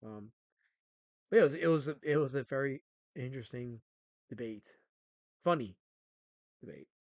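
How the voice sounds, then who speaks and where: A man's voice: medium pitch, moderate pace, no echo, highs cut off. A man hosting a casual live stream, scolding his chat with plenty of swearing. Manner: scolds chat, profane, animated. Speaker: streamer and host.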